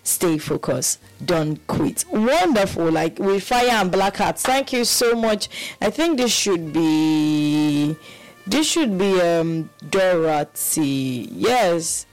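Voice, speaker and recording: Nigerian woman co-hosting, low relaxed voice. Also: slow, faint music behind, rough recording. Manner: relaxed, Pidgin-sprinkled banter. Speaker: radio co-host. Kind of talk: casual radio chat.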